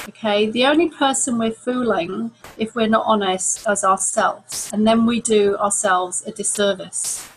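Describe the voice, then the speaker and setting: A middle-aged woman coach who talks calmly and repeats words for emphasis. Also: on the high side, poor audio. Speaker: stress coach. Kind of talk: talk to camera.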